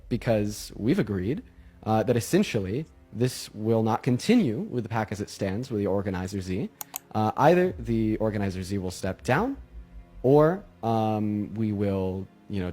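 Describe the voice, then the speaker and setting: A man with a fairly low voice opens an online panel discussion. He speaks in a measured way, hesitating now and then as he lays out the group's position. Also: a little mellow. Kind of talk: panel opening statement.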